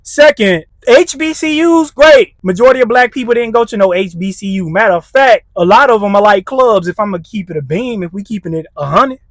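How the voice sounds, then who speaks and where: A man's voice: high voice, expressive, fast talker, few pauses, no echo. A man hosting a reaction commentary, blunt and heated, with street slang. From United States. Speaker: commentary channel host.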